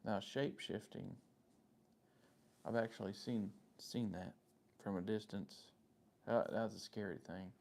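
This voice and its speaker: This Southern drawler runs a relaxed live-stream, calling out viewers by name as he responds to their comments. Low, mellow and gravelly, he meanders in a friendly, unhurried way, his intonation fairly even and his speech broken by frequent pauses.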